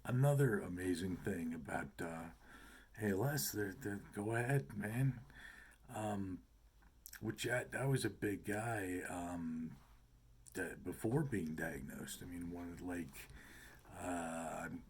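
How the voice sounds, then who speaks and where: A man's voice: low voice, slow, slightly rough. A man talking casually to the camera in a rambling, self-deprecating, joking way, with lots of fillers. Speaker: vlogger.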